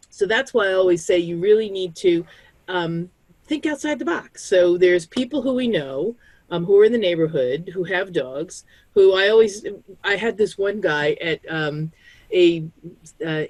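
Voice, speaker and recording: A woman's voice: on the low side, a little mellow, no room sound. A woman on a community call, giving chatty advice on pet care and acting out the voices of people she quotes. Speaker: pet disaster-planning speaker.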